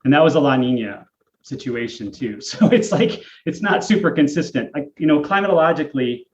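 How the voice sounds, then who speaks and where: A man's voice: on the high side, lively intonation, a little fast. A man co-hosting a podcast, explaining climate patterns in a casual, thinking-aloud way with many fillers. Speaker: podcast co-host, climate expert. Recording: echoey, dull lo-fi remote audio.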